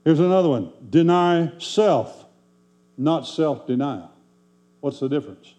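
A pastor preaches in a folksy, conversational way, firing rhetorical questions at his congregation. His voice sits a bit high but sounds mellow and warm. A faint electrical hum runs under the recording. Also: animated, a little slow. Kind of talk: sermon.

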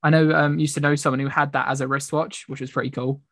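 Low-voiced young woman chatting. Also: little pitch movement, quick pace, no echo, clean studio sound. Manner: rambling, giggly storytelling. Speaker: podcast host. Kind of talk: casual chat.

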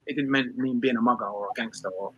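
British male speaker, emphatic talk, forceful husky tone. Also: mid-range voice, muffled recording. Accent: British English. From England. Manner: fast, emphatic, many restarts. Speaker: speaker on race and class. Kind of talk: talk to an audience.

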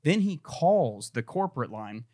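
A man in a casual interview, telling stories with lively, blunt energy. He swears freely and jumps straight into each point in a medium-pitched voice. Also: a little slow. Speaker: guest, gun company marketer. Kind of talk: casual storytelling.

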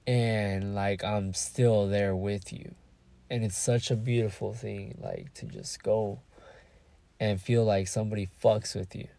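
A young man talks through a casual solo podcast in a low voice with a gravelly, fry-laden edge. His tone is dark and mellow, and the close mic is dry. He rambles, stops to search for words and swears freely. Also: lively intonation, measured pace, dry recording. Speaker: podcast host.

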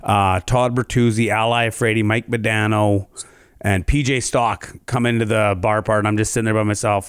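Comedian guy from canada telling a story on a podcast, animated, pops into high voices for other people, dry sound. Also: normal speed, clear, resonant tone, no echo.

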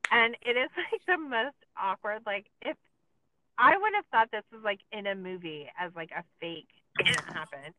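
A woman's voice: medium pitch, animated, normal speed, bright, forceful tone, no echo. A woman co-hosting a podcast, recapping a documentary in casual chat, with many filler likes and sarcastic asides. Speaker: podcast co-host. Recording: tinny phone-like sound, dry.

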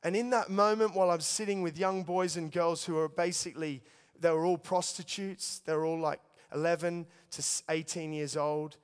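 Young male preacher, storytelling testimony, smooth and resonant, big reverberant hall. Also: a little high. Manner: storytelling, earnest, addresses listeners as guys. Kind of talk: sermon testimony.

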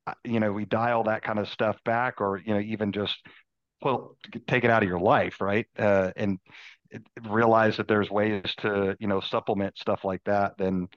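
A man talking casually as a podcast guest, halting and full of fillers. His low voice comes through dull, lo-fi remote audio that sounds dry. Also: little pitch movement, no echo. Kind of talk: casual conversation.

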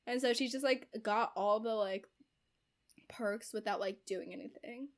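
Young woman, higher voice, breathless plot-recap energy, constant "like", acts out quotes. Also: fairly even intonation, moderate pace. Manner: chatty, heavy use of "like" as filler; acts out characters' quoted lines. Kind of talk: casual chat retelling a novel's plot.

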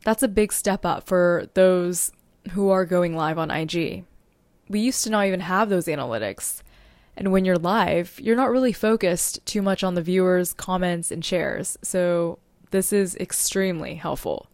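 A woman's voice: lowish voice, a little slow, darkish tone, no echo. Upbeat woman hosting a solo podcast. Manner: upbeat and informative, sometimes stumbling over words. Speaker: podcast host and social media strategist.

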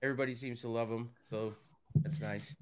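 A man speaking as a podcast guest in casual chat, laid-back and quiet. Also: mid-range voice, fairly even intonation, brisk, smooth.

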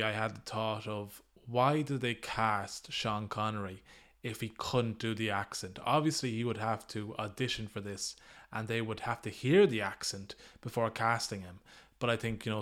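A man's voice: on the low side, a bit bright. A man hosting a solo podcast, giving his opinions in an easygoing, conversational way. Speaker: podcast host.

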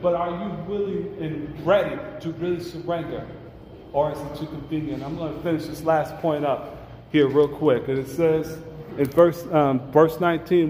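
A man preaching a fiery sermon, impassioned and building to shouted, sung cries. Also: fairly high pitch, a little hiss or hum. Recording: roomy hall reverb, faint ambience.

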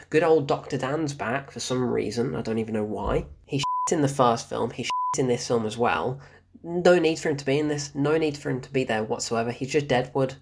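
Exasperated husky man ranting. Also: mid-range voice. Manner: exasperated ranting, swears often and laughs in disbelief. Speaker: film reviewer. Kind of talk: casual spoken film review.

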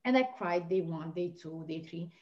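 Woman, very animated pitch, passionate personal storytelling, guest on a talk show. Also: normal speed. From Lebanon. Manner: passionate, swinging from hushed to near-shouting. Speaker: podcast guest, life coach. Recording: dull lo-fi audio.

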